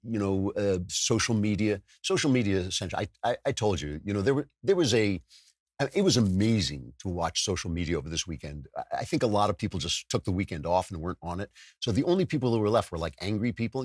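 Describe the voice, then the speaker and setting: A man's voice: animated, fast talker, no echo, clean studio sound. A male podcast host delivering a wry, sardonic opinion monologue. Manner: wry, sardonic, with sudden jumps in pitch. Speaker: political commentary podcast host.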